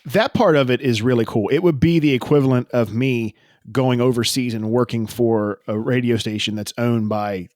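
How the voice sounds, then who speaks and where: A man co-hosting a radio podcast, cracking dry jokes and circling his point with halting restarts. His voice has a middle pitch. The recording is close and dry. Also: a little mellow, no echo. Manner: joking, wordy, halting restarts. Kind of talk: casual chat.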